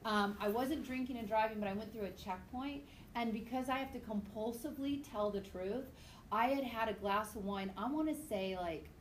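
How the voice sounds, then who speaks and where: A woman teacher lectures her class in a chatty, goofy way and drifts into stories along the way. Her voice sits a little high, and faint classroom noise stays under it. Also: moderate pace, reverberant, low-quality recording. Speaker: high school biology teacher.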